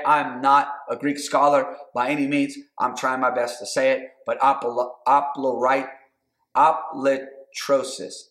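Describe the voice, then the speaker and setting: A man preaching a sermon, building to shouted calls and asking the congregation to respond. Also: mid-range voice. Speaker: pastor. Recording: roomy echo.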